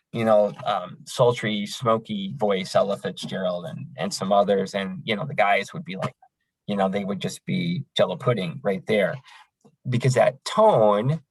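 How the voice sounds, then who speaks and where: A man's voice: lowish voice, no room sound, poor audio. A man running a crisis line training session in a conversational, folksy way, with frequent fillers. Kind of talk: training lecture.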